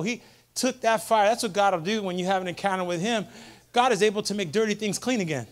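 A man with a very high voice preaches to his congregation. He repeats lines in call-and-response fashion and swells to shouted peaks, speaking from a church service. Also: quick pace. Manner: impassioned preaching that builds to shouted crescendos; repetitive call-and-response rhetoric. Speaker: pastor. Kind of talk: sermon.

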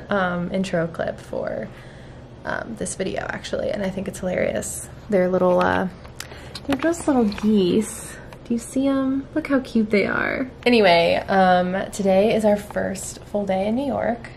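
A woman's voice: mid-range voice, creaky, darkish tone, slight background noise. A woman co-hosting a casual vlog, chatty and giggly, with frequent fillers. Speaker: vlog co-host. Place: inside a car, then a hotel suite.

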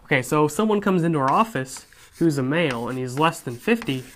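Hoarse young man teaching quietly. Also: fairly high pitch, animated, fairly quick, slight background noise. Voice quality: raspy, hushed. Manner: talks quietly, chatty with asides and self-deprecating jokes. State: sore, raspy throat. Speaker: programming instructor. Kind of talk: casual tutorial explanation.

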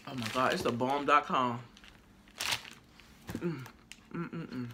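A woman chatting casually to her viewers in a haul video, lively and exclamatory, talking straight to the camera and sometimes while chewing. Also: extremely low pitch, takes it slowly, noisy background. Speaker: haul vlogger. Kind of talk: casual haul vlog chat.

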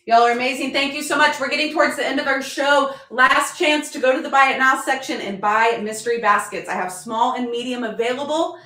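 A woman's voice: high-pitched, fairly quick, few pauses, pushed and bright. A woman selling decor in a live auction stream, chatty, upbeat and joking as she goes. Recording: roomy echo.

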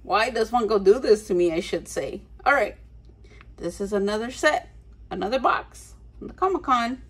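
A woman's voice: mid-range voice, animated, normal speed, slightly rough. Gushing, gasping woman toy unboxer. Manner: gushing, gasps often, drops into soft whispers. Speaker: toy collector vlogger. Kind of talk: casual unboxing chat.

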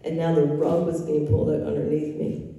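Captured from a distance in an echoey hall at a live event, a woman tells her personal faith testimony with earnest emotion. Her low-pitched voice is warm, fairly quick, and completely flat in delivery.

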